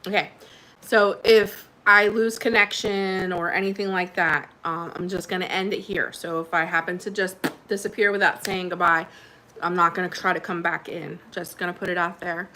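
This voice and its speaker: A woman's voice: fairly low pitch, flat delivery, normal speed, pushed and bright, a little hiss or hum, rough recording. A woman hosting a casual livestream from home, chatting with viewers, reading their comments and laughing often. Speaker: livestream host. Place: home indoors by a window.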